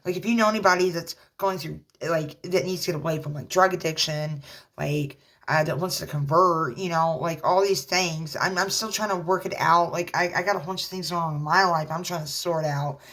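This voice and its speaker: A woman, a mother, talking casually to her viewers in a rambling, halting way with lots of fillers, earnestly offering religious encouragement. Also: sits low, fairly even intonation, a bit bright. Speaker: vlogger. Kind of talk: casual talk to camera.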